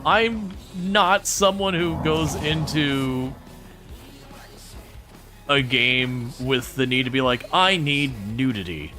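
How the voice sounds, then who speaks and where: Chatty, bright-voiced male streamer. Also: mid-range voice, takes it slowly, long pauses, faint music behind. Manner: chatty, sarcastic, animated quoting. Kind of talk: casual gaming livestream chat.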